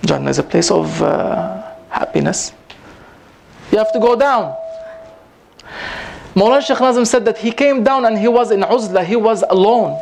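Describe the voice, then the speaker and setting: A man giving an informal religious talk to a gathering, rising in pitch for emphasis and mixing in Arabic phrases. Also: normal speed, gravelly, a little hiss or hum. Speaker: Sufi teacher giving a talk. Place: prayer hall at a community gathering.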